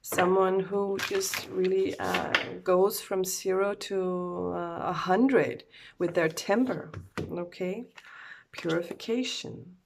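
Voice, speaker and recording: Groggy, slow, gravelly-voiced woman. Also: lowish voice, steady tone, noisy background. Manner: hesitant, loose, full of fillers and self-corrections. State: groggy, just woken up. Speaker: oracle card reader. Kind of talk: casual oracle card reading.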